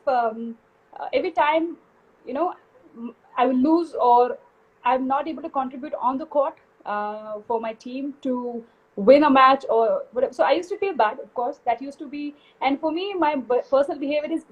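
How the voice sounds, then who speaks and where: A woman's voice: sits high, husky, lo-fi sound. A woman speaking as a guest on a live video call interview, candid and self-assured, laughing easily. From India. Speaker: guest basketball player.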